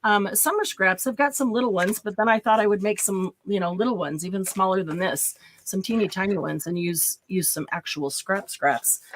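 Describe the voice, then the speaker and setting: A chatty woman talking through a paper-craft tutorial. Her voice sits at an ordinary middle pitch. She thinks aloud and giggles easily between steps. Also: moderate pace, hardly any pauses, a little hiss or hum. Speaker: craft channel host. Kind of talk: casual craft tutorial with live chat.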